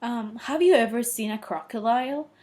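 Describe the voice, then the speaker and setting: A woman's voice: on the high side, normal speed, a little mellow, close to an everyday voice. A woman voicing a curious, polite young elephant in a storybook retelling, asking eager questions. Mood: politely curious.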